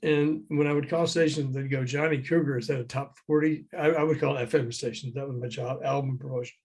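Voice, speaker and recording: A man's voice: mid-range voice, steady tone, a little fast, darkish tone, breathy edge. An older man, a former record promoter, tells anecdotes as a guest in a conversation over a call. He acts out the voices of the people he quotes and chuckles often. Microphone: remote call.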